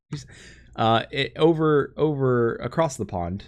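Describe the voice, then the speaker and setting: A man's voice: mid-range voice, big pitch swings, measured pace. An American man hosting a casual gaming podcast, joking, reading chat aloud and laughing often. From United States. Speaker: podcast host.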